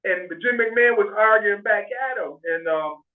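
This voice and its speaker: A man's voice: high-pitched, a little slow. A man in his fifties recalling his younger years on a video call, rambling with many fillers and restarts. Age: 50s. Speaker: interviewee recalling his past. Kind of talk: oral history storytelling. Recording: tinny distant video call audio.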